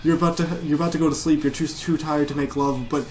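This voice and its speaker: A man's voice: fairly high pitch, steady tone, fast, a little mellow, soft background music. A man co-hosting a casual comedy chat and spinning long improvised stories. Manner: rambling improvised storytelling. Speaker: podcast co-host.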